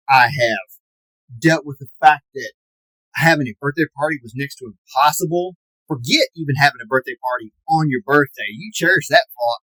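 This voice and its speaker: A man's voice: on the high side, bright, forceful tone, no room sound, low-quality recording. A man in his forties delivering a mock-serious, self-pitying comedic rant as an aggrieved podcast fan, stretching words for dramatic emphasis. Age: 40s.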